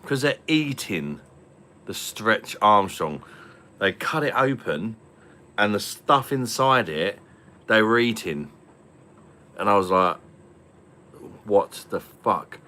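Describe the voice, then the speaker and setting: A man's voice: on the low side, expressive, takes it slowly, pauses often, bright, forceful tone. A man hosting a casual online pub stream from home, telling rambling stories, swearing freely and laughing often. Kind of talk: casual chat over beers.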